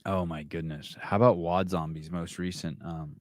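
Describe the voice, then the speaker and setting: A man's voice: deep voice, steady tone, moderate pace, darkish tone, dry recording, clean studio sound. A man hosting a podcast livestream in a rambling, wry way, swearing freely. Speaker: podcast host. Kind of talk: casual livestream chat.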